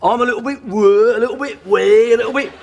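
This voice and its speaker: An actor playing a dodgy, chatty male Cockney burglar who delivers a sales pitch in a Cockney accent and keeps adding "right?" to his lines. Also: quick pace, gravelly, a little mellow, a little hiss or hum. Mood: cheeky. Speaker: sketch character.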